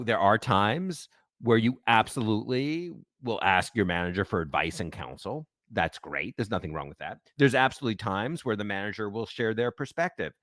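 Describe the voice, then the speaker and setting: A man with a fairly low voice speaks as an expert guest in a podcast interview. He explains at a measured pace, often pausing with ums. The sound is dry and close. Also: a bit bright, no echo.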